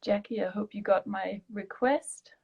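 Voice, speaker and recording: A woman's voice: medium pitch, steady tone, a little slow, gravelly, darkish tone, breathy edge, muffled recording. A woman from Denmark, hosting a casual online interview over a video call and giving lots of encouraging agreement. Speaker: host.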